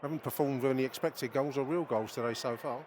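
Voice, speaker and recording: A man's voice: mid-range voice, fast talker, darkish tone. A middle-aged man, a podcast host recording casual, opinionated match commentary from the stands, swearing and talking straight to his listeners. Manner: chatty, opinionated, swears, addresses listeners directly. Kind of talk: casual in-stadium football commentary. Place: football stadium stands, outdoors. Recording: noisy crowd stadium recording.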